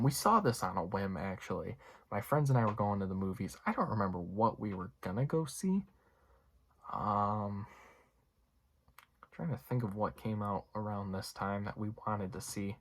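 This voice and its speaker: Speaking at a moderate pace in a lowish voice, a young man gives an offhand movie review that wanders through asides, fillers and plenty of "you knows."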